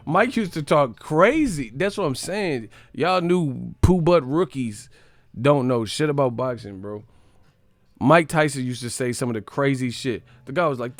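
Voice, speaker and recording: A man's voice: medium pitch, lively intonation, unhurried, no room sound. A man hosting a boxing live stream, ranting profanely and animatedly about the sport. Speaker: boxing channel host.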